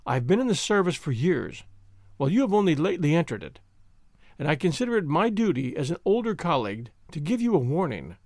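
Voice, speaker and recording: A man's voice: a little high, big pitch swings, fast talker, a little mellow, no echo, clean studio sound. A man voicing a fussy, anxious middle-aged schoolmaster who talks in a prim, mournful way. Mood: fretful lecturing.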